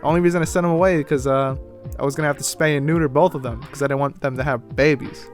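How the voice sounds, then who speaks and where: A young man telling a personal story in a rambling, casual way, full of "like" and "you know", moving between glum and excited. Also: fairly high pitch, fast talker, faint music behind. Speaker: vlogger.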